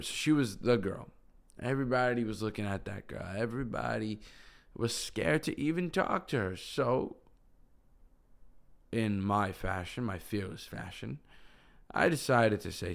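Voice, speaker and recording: A man's voice: lowish voice, vocal fry. A young man telling a personal story to camera in a casual, rambling way, full of "like". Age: young adult. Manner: rambling, heavy use of "like". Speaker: vlogger.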